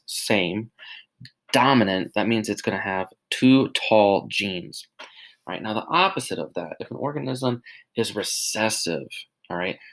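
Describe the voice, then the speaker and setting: A man teacher narrates a recorded slide lecture in a fairly low voice. He explains with simple everyday comparisons and checks in often with "all right?". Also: rough recording.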